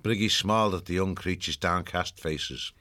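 A man reading a storybook aloud as narrator, in a measured, expressive way. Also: low-pitched, dry recording, clean studio sound. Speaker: audiobook narrator.

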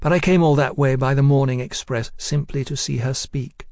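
A man's voice: fairly even intonation, moderate pace, a little mellow, no room sound, close to an everyday voice. A man voicing a flighty, forward Englishwoman living abroad, coaxing and pleading. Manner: coaxing, pleading, high-strung.

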